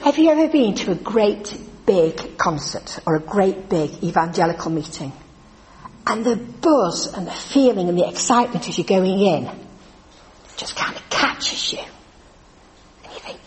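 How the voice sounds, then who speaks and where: A woman preaching in a chatty, animated storytelling way in a church. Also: mid-range voice, a little slow, slight background noise. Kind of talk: lively church talk. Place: church hall. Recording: echoey church hall from a distance.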